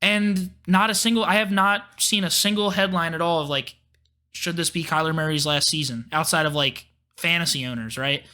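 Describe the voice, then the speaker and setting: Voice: medium pitch, normal speed, pushed and bright. A podcast co-host in casual sports chat, ranting animatedly about football with frequent swearing.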